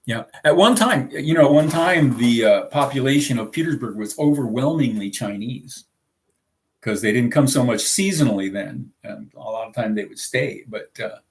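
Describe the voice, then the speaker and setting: A man's voice: medium pitch, animated, moderate pace. A man who grew up in the American South, co-hosting a casual live chat aboard a small sailboat, rambling with lots of fillers and chuckles. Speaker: sailing vlog co-host.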